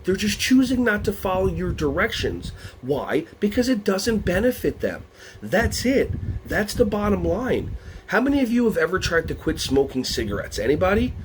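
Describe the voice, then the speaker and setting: A man from the United States leading a lively workshop for early childhood educators, playful and energetic. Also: high voice, moderate pace, slight background noise. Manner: animated, playful, breaks into songs and silly voices.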